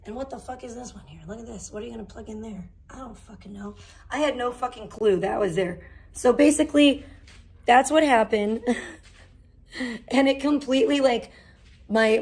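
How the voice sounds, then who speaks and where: A young woman livestreaming from her garage, rambling and swearing heavily in casual chat. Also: a little high. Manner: heavy swearing, rambling and animated. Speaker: livestream host. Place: garage at home.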